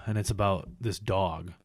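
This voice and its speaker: A man's voice: low voice, steady tone, slow, no echo, clean studio sound. A young man hosting a casual chat, rambling with many restarts and frequent swearing. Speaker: host. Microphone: headphones.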